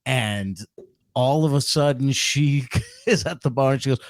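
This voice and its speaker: A man's voice: mid-range voice, measured pace, dry recording, clean studio sound. A middle-aged man, a comedian co-hosting a podcast, telling a story in a rambling way full of restarts. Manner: rambling, self-interrupting storyteller with repeated restarts. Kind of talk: casual storytelling chat.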